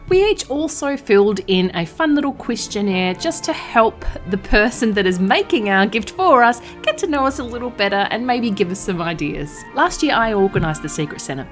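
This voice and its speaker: An Australian woman who makes art and craft videos, talking in a chatty, expressive way and laughing often. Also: mid-range voice. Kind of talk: casual vlog narration.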